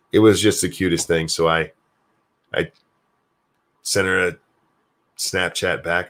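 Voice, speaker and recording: Deep-voiced grandfather host, lively swings. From United States. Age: older. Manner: rambling, swears freely, reads chat messages aloud. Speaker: show host reading live chat. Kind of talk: casual live-stream chat.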